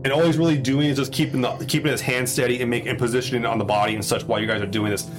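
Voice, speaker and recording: A man narrating a tabletop role-playing game as game master, relaxed and halting, with many fillers and restarts. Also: mid-range voice, over music.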